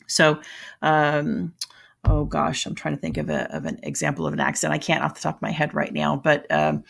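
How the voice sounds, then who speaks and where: A woman with a Southern US accent gives a recorded lesson in a low, gravelly voice. She explains things in a chatty way and often stops mid-sentence to correct herself. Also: normal speed. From American South. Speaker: teacher.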